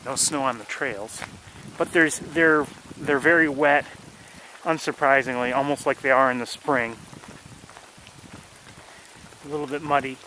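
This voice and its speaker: Guy rambling on a wet trail walk, bright voice, lots of ums and restarts, faint outdoor noise behind him. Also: mid-range voice, fairly even intonation, measured pace, pauses often, low-quality recording. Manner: rambling, many fillers and restarts. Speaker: birding tour guide. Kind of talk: casual walking narration.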